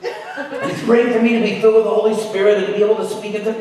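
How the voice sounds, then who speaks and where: Man, preacher, high lively voice, story sermon, roomy hall, heard from a distance. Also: fast, crowd noise. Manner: animated, acts out voices in his story. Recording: echoey hall from far off.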